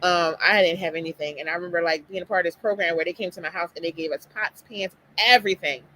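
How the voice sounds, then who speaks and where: Fast-talking woman hosting a live talk. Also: lowish voice, slight background noise, poor audio. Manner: animated, emphatic, talks straight to listeners. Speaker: host of a live talk stream. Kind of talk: casual motivational talk.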